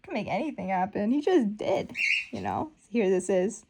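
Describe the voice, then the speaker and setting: A woman in casual commentary, excitedly recapping a comic book story and acting out the characters' lines. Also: medium pitch, normal speed, gravelly, background noise. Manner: excitable, exclaims often, acts out characters' lines.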